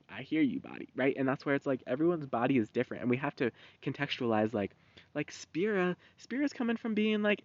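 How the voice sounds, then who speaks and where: A young man in his twenties hosting a podcast, talking in a rambling, profane, animated monologue. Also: mid-range voice, no echo. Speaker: podcast host. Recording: dull, dry lo-fi recording.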